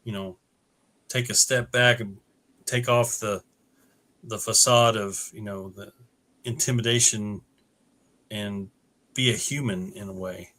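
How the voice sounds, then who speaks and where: Bright-voiced man recapping a comic. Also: on the low side, steady tone, measured pace, pauses often. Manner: earnest, recaps the plot with many "you know"s. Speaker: podcast co-host. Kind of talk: casual comic book discussion.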